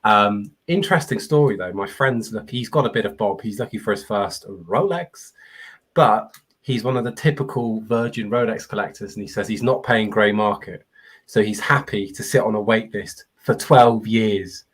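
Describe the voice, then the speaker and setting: A man's voice: lowish voice, normal speed, slightly rough. A man with a British accent chatting on a livestream panel, brash and teasing, swearing freely over a remote call mic. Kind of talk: casual chat.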